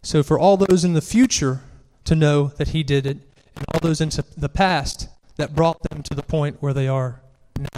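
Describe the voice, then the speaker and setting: A man's voice: fairly high pitch, fairly even intonation, moderate pace, hardly any pauses, a little mellow, a little hiss or hum. A man delivers a sermon in a slightly raised voice that carries an earnest, pressing tone. He climbs in force as he reads scripture aloud. His words ring out with a long hall reverb behind them. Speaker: preacher.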